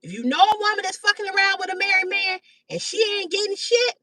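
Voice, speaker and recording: A woman in her fifties hosting a live stream, talking bluntly and loudly with heavy cursing. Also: extremely high pitch, fast, dry recording, recorded from a distance, low-quality recording. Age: 50s. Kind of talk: profane casual live-stream rant. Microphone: phone or webcam on a live stream.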